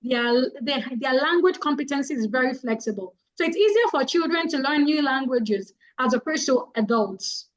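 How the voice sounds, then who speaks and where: A woman's voice: high-pitched, expressive, moderate pace, few pauses, highs cut off. A woman with a Nigerian accent giving public speaking advice, emphatic and repeating points for effect. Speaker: guest speaker.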